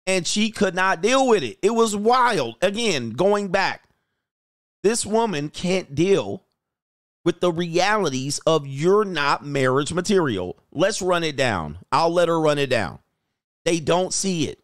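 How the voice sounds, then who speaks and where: A man hosting a dating commentary show, telling a story bluntly and jumping up in pitch when he quotes himself. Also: sing-song, unhurried, fairly bright tone, no room sound, studio quality. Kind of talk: casual commentary reacting to clips.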